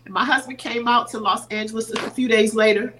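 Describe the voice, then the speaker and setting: Podcast guest, woman, middle-aged, slightly high voice, earnest and teary storytelling. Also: steady tone, brisk, a bit bright, a little hiss or hum, poor audio. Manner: earnest, acts out quoted voices. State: teary-eyed. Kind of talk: emotional storytelling.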